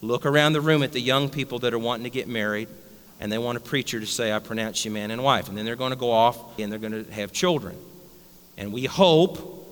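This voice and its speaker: A man's voice: medium pitch, fairly bright tone, long reverb tail. A male pastor preaching a blunt, emphatic sermon straight at his congregation in a church. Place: church sanctuary.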